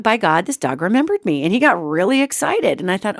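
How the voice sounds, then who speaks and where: Animated woman host telling stories. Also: medium pitch, fairly quick, few pauses, no echo, clean studio sound. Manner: animated and chatty, addresses listeners as gang. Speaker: radio show host. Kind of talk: casual anecdotal storytelling.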